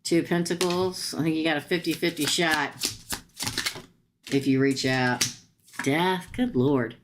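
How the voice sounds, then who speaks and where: A woman with a notably low voice reads tarot live for her viewers. She talks casually and bluntly, tossing in slangy asides. A faint hiss sits under her voice. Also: unhurried. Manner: chatty, talks straight to viewers and comments. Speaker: tarot reader. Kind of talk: live-stream tarot reading.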